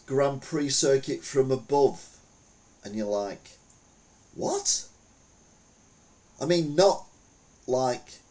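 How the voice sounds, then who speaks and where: A man's voice: fairly low pitch, darkish tone. A man hosting a podcast, chatting casually through the news with rambling, wry, self-mocking jokes. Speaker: podcast host.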